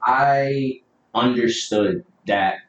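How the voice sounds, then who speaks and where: A man's voice: medium pitch, very slow, highs cut off. A man co-hosting a casual podcast, talking bluntly and profanely with frequent laughs. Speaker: podcast co-host. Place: room with a live video stream. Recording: echoey room, mic at a distance, faint hiss.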